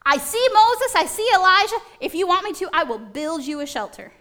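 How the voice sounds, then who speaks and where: A woman's voice: very high-pitched, big pitch swings, brisk, a bit bright, voice pushed up, full character voice. A woman voicing an eager, impulsive male disciple who gushes with breathless enthusiasm. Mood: excited.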